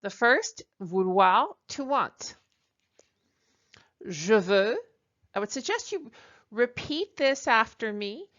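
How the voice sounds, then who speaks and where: A woman teaching a French lesson at a slow, careful pace. She fills pauses with ums and uhs and models each phrase clearly so listeners can repeat it. The recording sounds a little dull and lo-fi. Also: a little high, big pitch swings, sharp tone.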